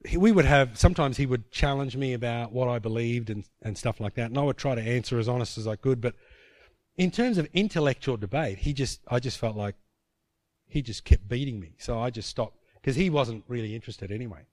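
A man's voice: medium pitch, a little fast, darkish tone, no echo, studio quality. A man preaching a sermon, telling a personal story in vivid scenes, often restarting his sentences.

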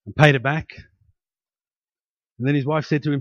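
A man's voice: mid-range voice, steady tone, fast, no echo, dull audio. A middle-aged man preaching a sermon, telling stories in a conversational way and rising to emphatic peaks. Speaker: pastor.

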